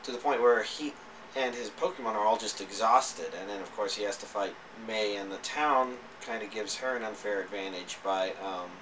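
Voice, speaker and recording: A man's voice: on the low side, normal speed. Man, casual rambling review, hesitant, distant mic, faint hiss. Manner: rambling, hesitant, many fillers and restarts. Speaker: anime reviewer.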